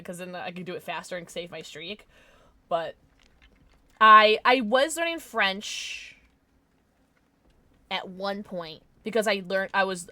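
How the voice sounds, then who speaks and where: A woman's voice: medium pitch, sharp tone, dry recording. A tired woman livestreaming a game, chatting casually and rambling with her viewers, reading out names and laughing often. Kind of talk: casual chat with viewers while gaming.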